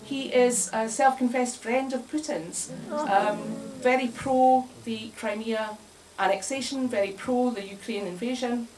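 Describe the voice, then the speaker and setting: A woman's voice: a little high, a little slow, hardly any pauses, darkish tone. A woman giving a comic talk to a live bar audience, wry and chatty, often laughing at her own jokes. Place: bar, indoors, in front of an audience. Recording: distant mic with faint room noise.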